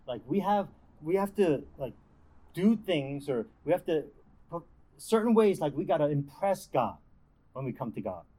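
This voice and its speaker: A man's voice: on the high side, darkish tone, low-quality recording. Young man giving a casual devotional talk. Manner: conversational, lots of fillers and restarts. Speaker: campus ministry speaker.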